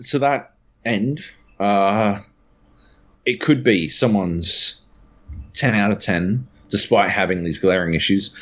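A man with a fairly low voice rants in an exasperated, swear-laden way on a casual games podcast. He talks as a critic, and the sound is dull and slightly lo-fi. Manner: profane, exasperated ranting. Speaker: podcast co-host, game critic.

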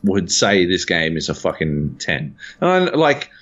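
A man's voice: low voice, sing-song, a little slow, a bit bright, lo-fi sound. A man co-hosting a games podcast as a critic, ranting in an exasperated, profane way in casual chat. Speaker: podcast co-host, game critic.

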